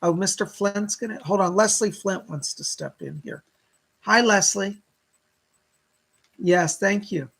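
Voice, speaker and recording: A man hosting live psychic readings, chatting to viewers and relaying spirit messages with a steady stream of "she said". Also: high-pitched, unhurried, pauses often. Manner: warm thanks to viewers for donations.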